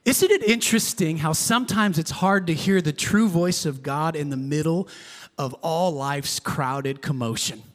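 A male pastor preaching an emphatic sermon in a church, with frequent repetition and swings between loud and soft. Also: a little high, measured pace. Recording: long hall reverb.

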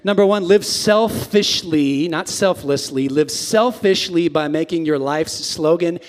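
Animated pastor in a reverberant hall. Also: male voice, on the high side, unhurried. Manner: animated, swings from hushed to shouting. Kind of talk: sermon. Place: large church sanctuary. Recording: long reverb of a big hall.

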